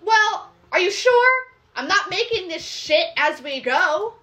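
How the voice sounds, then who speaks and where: A woman's voice: very high-pitched, measured pace, slight background noise. A woman co-hosting a casual podcast, telling profane stories and acting out what other people said. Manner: profane, animated storytelling with acted-out quotes. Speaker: podcast co-host. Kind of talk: casual chat.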